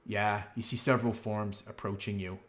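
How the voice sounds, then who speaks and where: Low-voiced man as game master. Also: flat delivery, moderate pace. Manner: rambling with many fillers. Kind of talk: narrating a tabletop game.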